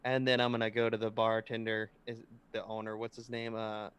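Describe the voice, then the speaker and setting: A man playing a tabletop game, calmly describing what his character does. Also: on the low side, fairly quick, a little hiss or hum. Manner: matter-of-fact, describing spells. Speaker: player.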